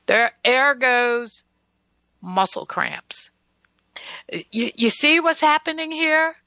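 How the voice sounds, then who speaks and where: A woman's voice: high voice, animated, takes it slowly, bright, forceful tone, no room sound, muffled recording. A woman hosting a casual radio health talk show, emphatic and folksy, who often stutters and restarts her sentences.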